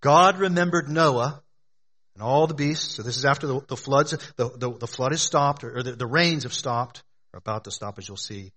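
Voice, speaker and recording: A man's voice: mid-range voice, normal speed, fairly bright tone. A man preaching a sermon to a congregation, emphatic, often asking questions and answering them. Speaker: pastor.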